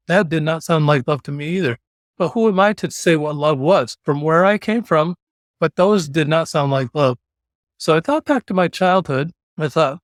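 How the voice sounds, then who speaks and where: A middle-aged man, a podcast guest, telling a personal story in an animated way and slipping into quoted voices. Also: on the high side, no echo, clean studio sound. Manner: animated, slips into mock voices and quoted lines.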